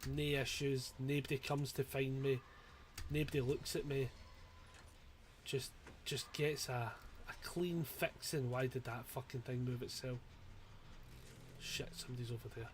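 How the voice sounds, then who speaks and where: A man giving live commentary on his own gameplay, swearing freely and breaking into panicked yells. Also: mid-range voice, a little slow, long pauses, a little hiss or hum. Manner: sweary, excitable, given to panicked yelling. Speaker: streamer.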